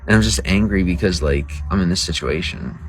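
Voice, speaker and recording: A man's voice: low-pitched, brisk, low-quality recording. A man livestreaming to viewers in casual talk, crude, boastful and rambling. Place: outdoors by a road.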